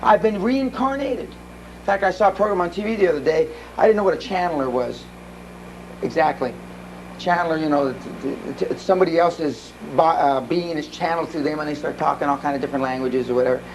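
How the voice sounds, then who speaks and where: A man's voice: on the high side, a little fast, noisy background. A man giving a live seminar talk, telling blunt, profane stories full of restarts. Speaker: seminar speaker. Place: seminar room.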